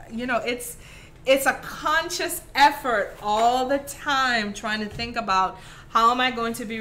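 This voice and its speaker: A woman's voice: on the high side, bright, forceful tone, slight background noise. A woman with a Caribbean accent hosting a live craft tutorial, chatty and affectionate with her viewers. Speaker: craft host.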